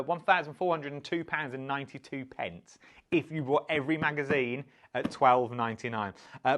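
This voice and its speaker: A man's voice: on the high side, fairly bright tone. A man with a British accent presenting a live craft shopping show, chatty and upbeat, reading out viewer comments as he goes.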